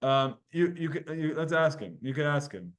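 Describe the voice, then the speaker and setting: A man leads a Talmud lesson for a room of students. His voice sits fairly high, and he explains in an animated way, sounding out letters to show his point. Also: normal speed. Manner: animated, explains with spoken demonstrations. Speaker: Torah teacher. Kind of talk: Talmud class lecture.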